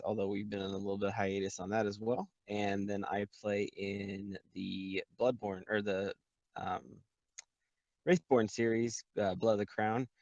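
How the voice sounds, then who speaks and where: Tired rambling man, low voice. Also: a little mellow, no echo, lo-fi sound. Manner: rambling, hesitant. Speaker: player.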